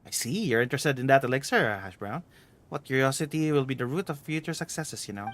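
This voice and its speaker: A man's voice: medium pitch, expressive, fairly quick, a bit bright, no echo, close to an everyday voice. A man reading game dialogue aloud, voicing a playful older woman treasure hunter with a bad back, in a teasing, bossy manner.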